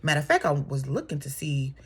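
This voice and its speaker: A woman's voice: low voice, very animated, fairly quick, husky. A woman in her thirties giving a sassy, exasperated opinion rant straight to her viewers. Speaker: commentary vlogger.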